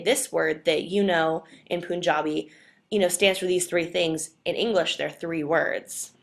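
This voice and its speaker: Low-voiced young woman giving a class talk. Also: a bit bright. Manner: earnest, explanatory, leans on "definitely". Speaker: student presenter. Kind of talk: class presentation.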